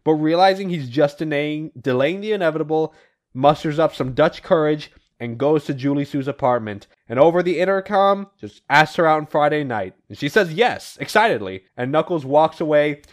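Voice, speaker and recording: A man co-hosting a podcast, casually retelling comic book issues with animated voiced quotes and the odd swear. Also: on the high side, normal speed. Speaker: podcast co-host recapping comics. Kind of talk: casual comic recap chat.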